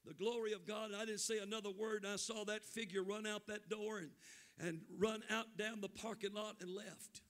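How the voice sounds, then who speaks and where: A man preaching a Pentecostal sermon in church, impassioned and shouting. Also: sits high. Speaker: pastor.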